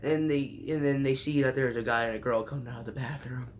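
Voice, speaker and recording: A man's voice: mid-range voice, fairly even intonation, quick pace, a little hiss or hum. A man casually recapping a show with sarcastic, rambling asides and mock surprise. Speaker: show reviewer.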